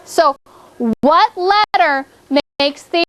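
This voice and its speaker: A woman's voice: extremely high pitch, unhurried, no echo. A woman teaching a spelling lesson to a class of children, checking in often with "okay?" and giving step-by-step directions. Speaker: elementary school teacher.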